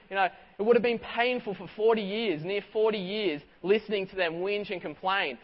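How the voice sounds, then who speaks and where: A man preaching a sermon as pastor, animated and conversational, often restarting his sentences. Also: high-pitched, fast, hardly any pauses. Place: church hall. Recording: dull audio with long hall reverb.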